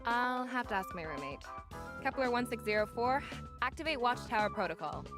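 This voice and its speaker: A woman voicing a confident young female superhero in power armor, speaking calmly and reassuringly. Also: on the high side, fairly quick, natural voice. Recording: game voice line over music.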